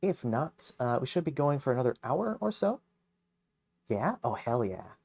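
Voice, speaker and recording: Upbeat male streamer, mid pitch, chatty and quick, laughs easily. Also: very animated, gravelly, darkish tone, dry recording. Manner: upbeat, laughing, talks fast to chat. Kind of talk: casual live-stream chat.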